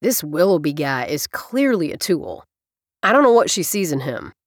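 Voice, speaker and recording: A woman voicing a blunt, skeptical grown man with gruff, wry remarks in an audiobook. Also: mid-range voice, expressive, measured pace, no room sound, studio quality. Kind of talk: audiobook character reading.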